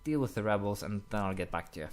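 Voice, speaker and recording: A young man commenting casually while playing a strategy game, rambling with many fillers and quick apologetic asides. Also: fairly low pitch, expressive, smooth. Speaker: gaming commentator. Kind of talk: casual let's-play commentary.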